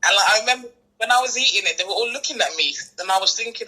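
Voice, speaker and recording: A woman's voice: medium pitch, racing, bright, forceful tone, poor audio. A woman from England talking candidly with a reader over a video call, telling stories with hesitant fillers. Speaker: reading client. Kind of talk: casual conversation.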